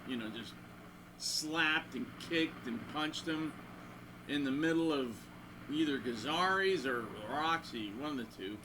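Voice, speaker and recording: A man's voice: fairly high pitch, measured pace, background noise. A man telling a crude, rambling anecdote, acting out the voices of people in his stories. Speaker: guitarist and channel host. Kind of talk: rambling anecdote between guitar playing.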